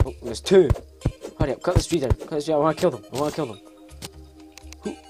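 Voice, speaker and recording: A man's voice: on the high side, rapid-fire, mellow, soft background music. A young Scottish man giving casual, rambling commentary on a video game, self-mocking, laughing often and swearing freely. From Scotland. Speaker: let's play host.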